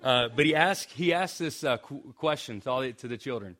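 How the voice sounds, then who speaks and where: Young male preacher, chatty sermon delivery, trips over restarts, wry asides, mid-pitched voice. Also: fairly quick, a bit bright. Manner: conversational, self-interrupting with restarts and asides; joking asides. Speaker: pastor.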